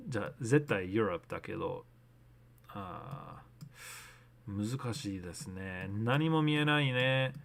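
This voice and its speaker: A man's voice: lowish voice, expressive, normal speed, gravelly, pauses often. A man casually streaming a map-guessing game, thinking aloud and switching between English and learner Japanese. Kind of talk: casual live-stream commentary.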